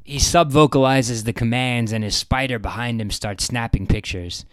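A man reading an audiobook narration in a steady, matter-of-fact way. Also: mid-range voice, normal speed, clear, resonant tone, dry recording.

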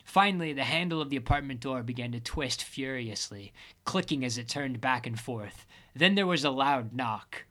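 A man reads a first-person story aloud with a wry, deadpan delivery. His voice is bright and forceful, at a middle pitch. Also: moderate pace. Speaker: audiobook narrator. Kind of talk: first-person audiobook narration.

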